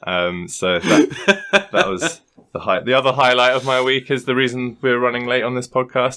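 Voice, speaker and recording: A man's voice: medium pitch, lively intonation, moderate pace, sharp tone. A man co-hosting a podcast, telling a rambling story in casual chat, swearing freely and laughing often. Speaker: podcast co-host.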